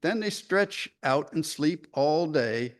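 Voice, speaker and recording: A man's voice: a little high, expressive, slow pace. A man voicing a proud, scrappy barn cat in a folksy country dialect, reading a poem aloud. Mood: boastful. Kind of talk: dramatic poetry reading.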